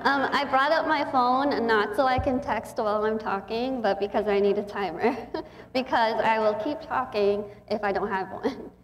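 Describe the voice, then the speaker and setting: A young woman in her twenties from Texas speaks to a gathering as a guest speaker. She talks in a chatty, heartfelt way, and her voice sits a little high. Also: normal speed. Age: 20s. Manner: chatty, warm and emotional, with frequent laughs. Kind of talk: inspirational talk to an audience.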